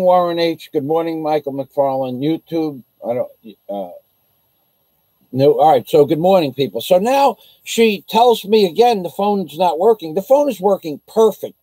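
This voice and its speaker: A man's voice: a little high, warm tone, no room sound, low-quality recording. An American man vlogging from the Philippines, telling an indignant, rambling story on a casual livestream. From United States.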